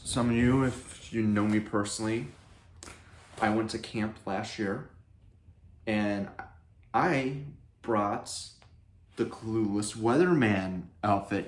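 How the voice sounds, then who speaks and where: A young man telling a rambling, excitable story about his own life in a casual vlog. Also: lowish voice, a little hiss or hum. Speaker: comedy video creator. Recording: echoey room.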